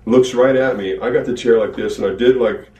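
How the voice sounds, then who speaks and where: A man's voice: medium pitch, brisk, reverberant, recorded from a distance, poor audio. A man casually telling a rambling story about an old wrestling match. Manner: rambling, animated retelling. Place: archived interview played on a podcast.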